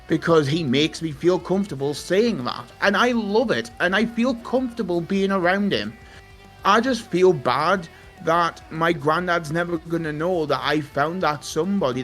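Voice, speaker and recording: A man's voice: a little high, a bit bright. A young man chatting casually, rambling and emotional, swearing freely and laughing often. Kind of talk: casual chat. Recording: faint music behind.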